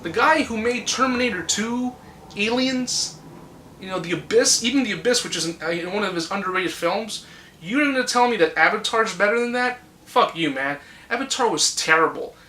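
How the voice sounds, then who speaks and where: A man's voice: sits high, lively intonation, normal speed, pushed and bright. A man in his twenties giving his blunt, ranting opinions on movies in a casual vlog, swearing freely. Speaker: movie reviewer. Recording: echoey room.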